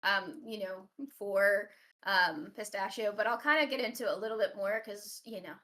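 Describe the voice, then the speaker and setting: A woman's voice: mid-range voice, normal speed, fairly bright tone. A woman guest on a podcast, chatting casually and rambling with lots of ums and self-deprecating asides. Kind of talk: casual chat.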